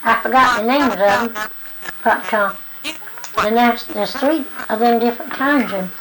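A woman's voice: on the high side, a little slow. A woman answering interview questions in a plain-spoken, hesitant way, with restarts. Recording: hissy old tape recording.

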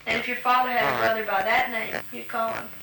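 A woman's voice: fairly high pitch, flat delivery, fast talker, creaky, sharp tone. A woman interviewer asking prompt questions patiently, with frequent ums. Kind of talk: structured question-and-answer interview. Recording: roomy recording with background hiss.

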